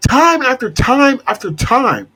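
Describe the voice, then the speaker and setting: A man's voice: extremely high pitch, very animated, a little slow, bright, forceful tone, husky, poor audio. A young man hosting a podcast, ranting casually and exasperatedly about a TV show and swearing freely. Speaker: podcast host.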